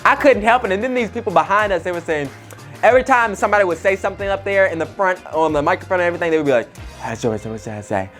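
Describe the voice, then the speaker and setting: A man's voice: high voice, very fast, fairly bright tone, soft background music. A young man hosting a talk show, telling rambling gossip stories with lots of fillers. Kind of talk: casual gossip storytelling.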